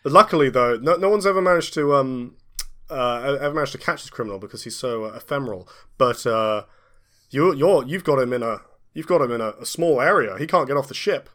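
A man narrating as game master, talking haltingly with many pauses and restarts. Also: mid-range voice, expressive, a bit bright.

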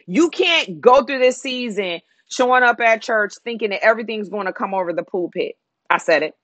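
A woman's voice: a little high, animated, normal speed, fairly bright tone, no echo, dull audio. A woman preaching a sermon, repeating phrases and declaring in an emphatic way.

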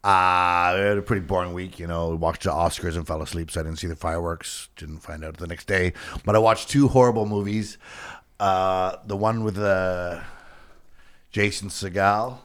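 Male comedian co-host, deep voice, easygoing, trailing delivery. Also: steady tone, normal speed, a bit bright, clear, resonant tone. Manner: laid-back, trailing off, chuckling. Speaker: podcast co-host and stand-up comedian. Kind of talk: casual podcast chat.

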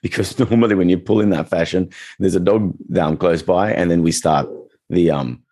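A man talking casually as a dog trainer, chatty and relaxed, acting out little quoted reactions as he explains. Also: low voice, moderate pace. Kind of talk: casual podcast chat.

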